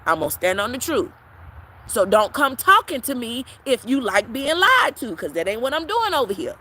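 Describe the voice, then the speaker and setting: A woman's voice: on the high side, very animated, moderate pace, a little hiss or hum, poor audio. A woman tarot reader talking bluntly and profanely to her followers in a live-stream chat. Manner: brash, profane, preachy, with sudden loud peaks.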